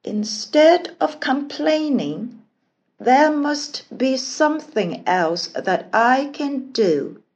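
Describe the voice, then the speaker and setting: A gentle young princess from a bedtime storybook, kind and hopeful, speaking in a slightly lifted voice, voiced by a woman narrator. Her delivery is slow and unhurried. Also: high-pitched, animated, pitched above the performer's own voice, exaggerated voice. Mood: determined.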